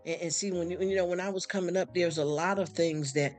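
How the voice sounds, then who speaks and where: A man's voice: high voice, steady tone, fairly quick, hardly any pauses. A man on a casual live stream who talks straight to his viewers, rambling, heartfelt, often stammering and repeating himself. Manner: talks straight to chatters, calls them honey and y'all. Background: faint background music.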